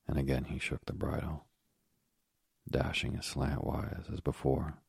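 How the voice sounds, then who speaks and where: Very deep gravelly male storyteller. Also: flat delivery, a little slow, no echo, clean studio sound. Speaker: narrator. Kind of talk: storybook reading aloud.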